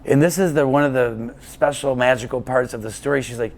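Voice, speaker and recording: A man's voice: medium pitch, a little fast, few pauses, a little hiss or hum. A man being interviewed as an endurance cyclist, telling a long story in a casual, rambling way with plenty of fillers and restarts.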